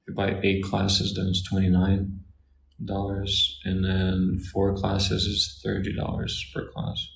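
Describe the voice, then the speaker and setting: A man with a Russian accent teaches in a slow, unhurried way and repeats each Russian word for his listeners. His voice sits very low and flat, with a gravelly edge. He is recorded in an echoey room with faint noise behind him. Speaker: Russian tutor. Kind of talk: casual Q&A lesson.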